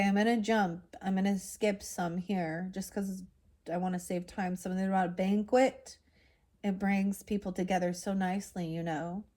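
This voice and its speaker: A woman's voice: lowish voice, darkish tone. A woman tarot reader making chatty, musing asides while reading a story aloud.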